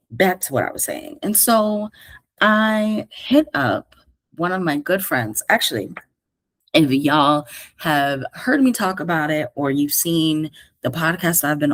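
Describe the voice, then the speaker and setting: A lively New York woman with a low voice delivers a casual solo podcast monologue as a career coach and host. She takes her time, speaks straight to listeners in slangy, animated fashion, and the recording has no echo.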